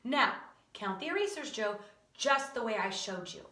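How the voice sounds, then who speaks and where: A woman reading aloud and voicing a calm, quirky female schoolteacher who speaks patiently and matter-of-factly. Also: fairly high pitch, moderate pace. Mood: instructing. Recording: roomy echo, distant from mic.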